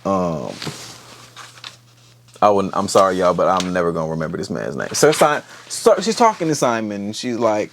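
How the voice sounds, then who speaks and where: Profane, animated man recapping a TV episode. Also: fairly low pitch, moderate pace, a little hiss or hum. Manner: animated, profane, acts out quotes. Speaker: TV episode reviewer. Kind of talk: casual recap chat.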